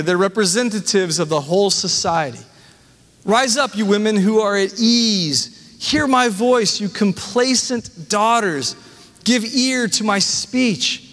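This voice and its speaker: High-voiced man preaching in a reverberant hall. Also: a bit bright. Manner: preaching with scripture readings and asides. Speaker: pastor. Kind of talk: sermon.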